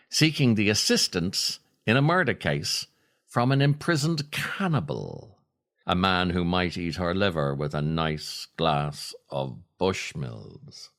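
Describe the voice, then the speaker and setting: Man, podcast host, reads his own essays, lowish voice, lively swooping delivery, wry, unhurried. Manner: wry, dry humor.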